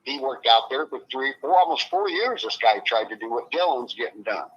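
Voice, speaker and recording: A man's voice: mid-range voice, expressive, a little fast, slightly rough, dull audio. A man speaking as an interview guest, blunt and swearing freely, his voice rising when he gets upset. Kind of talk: emotional interview on a live stream.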